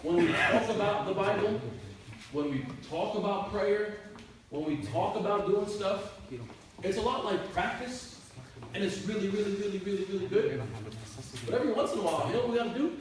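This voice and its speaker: A man's voice: high-pitched, moderate pace. A man, a youth minister, telling stories to a youth group in a casual, chatty way with lots of filler words. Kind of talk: youth group talk, storytelling. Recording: echoey room, mic far off, faint hiss.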